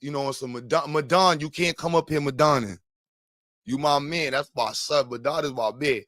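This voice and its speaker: A man riffs loosely in casual, trash-talking chat, with a voice pitched a little high and lots of laughter. His speech is slangy and playful. The recording is dry and close, with no room sound. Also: no echo. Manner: animated, laughing, slangy and teasing.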